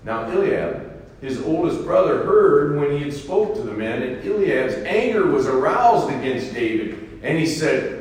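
A man's voice: on the high side, unhurried. Preacher man echoing in a hall. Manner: reads scripture, then comments in an animated, folksy way. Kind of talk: scripture reading with sermon commentary. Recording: echoey hall from far off.

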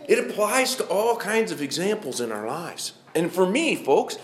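Animated preacher in his fifties, echoey room. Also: high-pitched, moderate pace. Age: 50s. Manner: animated, acts out quoted pleas with rising intensity. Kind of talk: sermon. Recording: echoey room with faint ambience.

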